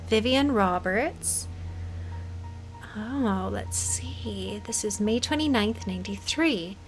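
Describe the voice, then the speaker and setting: A woman's voice: mid-range voice, lively intonation, slow pace, faint music behind, poor audio. A young woman casually commenting as she plays a creepy game, chatty and jokey, dropping into nervous whispers. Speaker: gaming video host.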